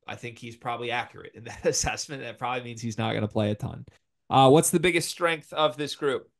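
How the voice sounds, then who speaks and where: A man's voice: medium pitch, vocal fry. Opinionated young man talking college hoops. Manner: animated, opinionated, quick rankings. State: has the hiccups. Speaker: podcast co-host. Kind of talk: casual sports talk.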